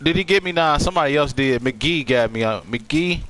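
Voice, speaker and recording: A man's voice: fairly high pitch, animated, a little fast, fairly bright tone, a little hiss or hum. A man streaming a shooter game with friends, trash-talking and joking that he is getting mad. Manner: trash-talking, mock-angry, playful. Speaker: gaming streamer. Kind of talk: casual gameplay chatter.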